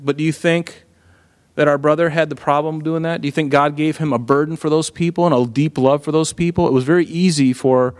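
A middle-aged man preaching a sermon in a conversational, animated way, full of rhetorical questions. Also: fairly high pitch, fairly quick, clear, resonant tone, big-room sound. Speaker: pastor.

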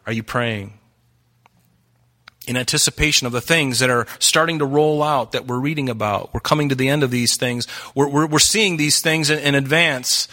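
A man's voice: medium pitch, moderate pace, bright, forceful tone. A man preaching a sermon as pastor, earnest and urgent, asking the congregation many questions.

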